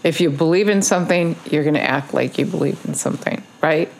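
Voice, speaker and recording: A woman preaches online in a casual video sermon, urging listeners with earnest, repeated phrases and plenty of ums. Her voice is low and darkish, a little fast, with vocal fry.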